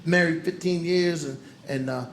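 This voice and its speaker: A man's voice: a little high, normal speed, creaky. A man in his forties performing a stand-up set in a comedy club, with punchy banter and riffs aimed at the crowd. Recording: roomy live club with loud crowd noise.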